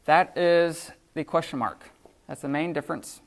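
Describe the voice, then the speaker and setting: In an unscripted lecture to a beginner Greek class, a man with a fairly high voice explains things casually at a moderate pace, often using fillers and restarting his sentences.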